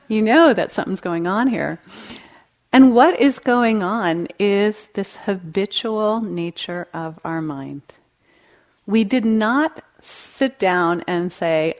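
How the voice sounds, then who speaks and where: A woman meditation teacher giving a dharma talk in a gentle, conversational way, laughing lightly now and then. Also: mid-range voice. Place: meditation hall.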